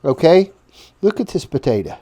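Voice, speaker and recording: Folksy, animated man hosting a cooking vlog. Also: on the high side, normal speed. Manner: folksy, rambling, chuckling asides. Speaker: home cooking show host.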